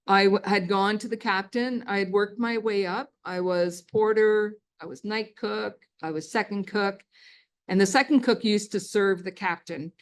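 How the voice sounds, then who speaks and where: A woman in her sixties giving a casual storytelling lecture at a museum, chatty and quick to laugh. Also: medium pitch, steady tone. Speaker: guest lecturer, former ship's cook. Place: lecture hall.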